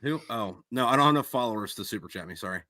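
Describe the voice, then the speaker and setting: A man's voice: lowish voice, lively intonation, racing, sharp tone, no echo. A man hosting a casual live-stream chat about his own books. He rambles and puts himself down, with plenty of fillers and restarts. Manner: rambling and self-deprecating, full of fillers. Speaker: host and author of the books.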